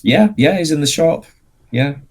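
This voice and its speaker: A man, a guest on a casual interview podcast, explaining his craft patiently with plenty of pauses and fillers. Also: a little high, lively intonation. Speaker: guest, miniature sculptor and painter.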